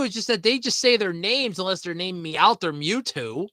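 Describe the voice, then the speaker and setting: A man's voice: high voice, animated, normal speed, pushed and bright, no room sound. A man hosting a podcast in casual, rambling chat, swearing freely and laughing at his own jokes. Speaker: podcast host.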